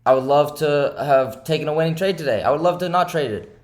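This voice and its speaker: A man's voice: a little high, brisk, darkish tone. A young man who day-trades, talking over his charts to viewers after a bad day, frustrated and upset, repeating himself and asking "right?" again and again. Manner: repetitive, keeps asking "right?", swings between heated and subdued. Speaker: day trader and channel host. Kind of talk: frustrated self-talk to camera.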